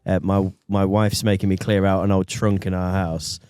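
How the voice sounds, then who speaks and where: Jokey low-voiced man hosting a podcast. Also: level tone, moderate pace, darkish tone, clean tone, no echo, clean studio sound, faint music behind. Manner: jokey, rambling, laughs often. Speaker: podcast host. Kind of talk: casual banter. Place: small podcast studio.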